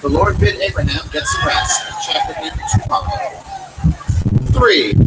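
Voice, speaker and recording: Man, comic story reading, dry delivery, lively pitch, heavy background noise. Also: unhurried, over a noisy crowd. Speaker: reader at a read-in. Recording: distant mic, loud background noise.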